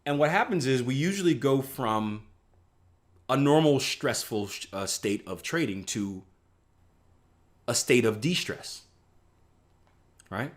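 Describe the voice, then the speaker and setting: A man's voice: mid-range voice, expressive, slow, pauses often. Man, from the northeast US, trading instructor, live online lesson, conversational, acts out panicked traders.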